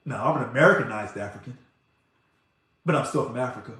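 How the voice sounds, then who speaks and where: A man speaking as an organization president in an impassioned monologue, talking fast and loud when he gets excited. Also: medium pitch. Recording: very echoey room.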